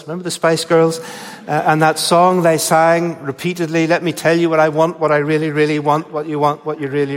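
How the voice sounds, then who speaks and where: An older man preaches a sermon to his congregation in a large hall, explaining scripture in a measured way. His voice sits fairly high, and he leans on certain words with emphatic stress.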